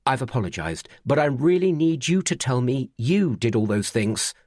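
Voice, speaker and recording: A man's voice: medium pitch, very animated, normal speed, darkish tone, no echo. Man doing an anxious husband, urgent, pressing, dry close sound. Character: anxious, eager young husband, pleading and insistent. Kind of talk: audiobook character voice.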